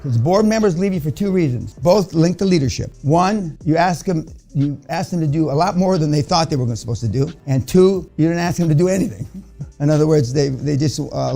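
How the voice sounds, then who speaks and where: A man's voice: fairly high pitch, vocal fry, warm tone. An older man giving a blunt, profane motivational lecture to a seminar audience, rambling with many restarts. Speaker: seminar speaker.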